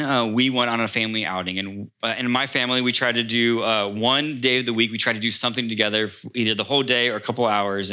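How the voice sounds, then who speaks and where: A man, a pastor, preaching a sermon to his congregation as a lively storyteller who speaks straight to the room. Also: mid-range voice. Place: church before a congregation.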